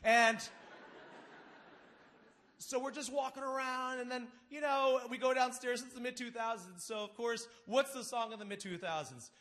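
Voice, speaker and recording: A man with a lively, high-pitched voice tells a funny story live on a big theater stage. He is animated and acts out his friends' lines, and his voice swings up and down as he builds to each joke. He speaks into a stage microphone. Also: normal speed. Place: large theater stage before an audience.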